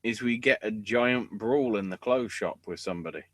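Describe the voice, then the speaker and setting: A man hosting a wrestling podcast, talking casually with sarcasm and swearing, and acting out quotes in loud bursts. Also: fairly low pitch, normal speed, dry recording, clean studio sound.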